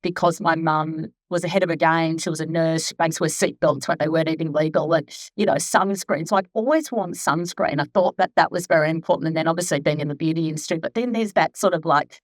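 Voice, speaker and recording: A woman's voice: low voice, fast talker, no room sound. A chatty woman in her fifties, a skin therapist talking casually at a live event, rambling with many asides. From Australia. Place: clinic event room.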